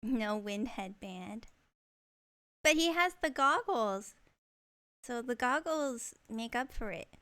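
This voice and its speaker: Young woman streamer, giggly and excitable, high bright voice, unhurried. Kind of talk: live game stream chat.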